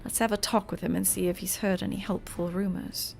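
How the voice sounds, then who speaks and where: A woman's voice: fairly low pitch, steady tone, fairly quick, gravelly, a little mellow, faint music behind. A woman voicing an adult male adventurer companion with a faint pirate lilt in a fan game voiceover. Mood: grave.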